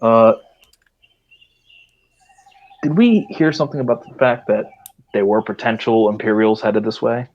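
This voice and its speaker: A man's voice: fairly low pitch, unhurried, long pauses. A man playing a tabletop role-playing game, speaking hesitantly and correcting himself. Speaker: player. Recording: dull lo-fi mic.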